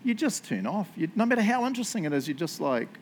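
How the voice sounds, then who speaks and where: A man giving a relaxed, joking sermon, often checking in with the congregation. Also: sits high, fast, slight background noise. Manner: chatty, joking, keeps asking "right?". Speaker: pastor. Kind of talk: casual sermon. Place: church service.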